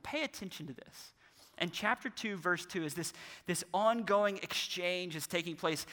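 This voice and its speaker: A man's voice: high voice, moderate pace, bright, forceful tone. A man preaching a sermon as a pastor, telling a family story with earnest energy and acting out the voices he quotes. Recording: long hall reverb.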